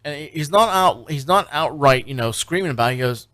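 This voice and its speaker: A man's voice: medium pitch, normal speed, few pauses, a bit bright, no room sound. Man, radio co-host, rambling storyteller, dry studio sound. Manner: rambling storyteller, many fillers and restarts. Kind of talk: casual radio chat recapping a TV show.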